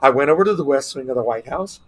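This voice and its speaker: A man's voice: medium pitch, expressive, quick pace, poor audio. A middle-aged man from South Texas, a podcast guest telling a personal story earnestly and getting teary, often repeating his words. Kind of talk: emotional storytelling interview. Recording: faint background noise.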